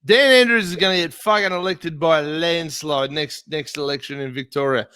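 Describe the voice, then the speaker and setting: A man's voice: fairly high pitch, normal speed, pushed and bright, clean tone. An Australian man from a small country town, ranting profanely in a casual political chat. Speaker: podcast host.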